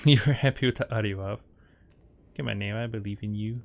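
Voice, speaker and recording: A man's voice: lowish voice, brisk, vocal fry, muffled recording. A man streaming a horror game, joking playfully with his chat as he plays. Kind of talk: live gameplay commentary.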